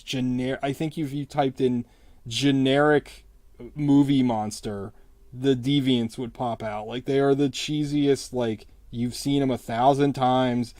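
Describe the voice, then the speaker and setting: A man vlogging while he draws, ranting casually about a movie in a rambling, profane way, his voice jumping up in pitch when he gets exasperated. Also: warm tone. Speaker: artist vlogger. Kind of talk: casual rant while drawing.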